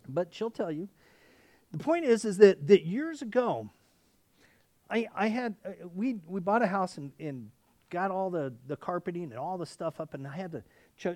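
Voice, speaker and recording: A male pastor preaching a sermon in an animated, conversational way, often restarting and checking in with "okay?". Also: high-pitched, no room sound.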